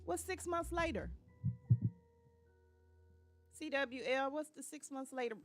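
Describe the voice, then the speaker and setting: A woman's voice: slow, faint music behind. A woman hosting a casual live stream, chatting with viewers and reading their comments aloud, speaking. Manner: chatty, reads viewer comments aloud, drops to a low voice at times. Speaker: livestream host. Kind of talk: casual livestream chat with viewers.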